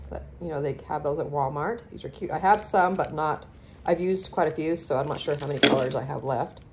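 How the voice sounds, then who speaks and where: Woman with a low voice, casual unboxing chat, gushing and chatty, noisy home recording. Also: fairly quick. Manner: gushing, chatty, lots of ums. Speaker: craft vlogger.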